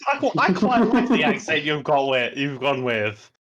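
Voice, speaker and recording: A man's voice: fairly high pitch, big pitch swings, normal speed, highs cut off, a crowd in the background. A man playing a tabletop game, friendly and joking, stumbling on his starts. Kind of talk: tabletop game player chat.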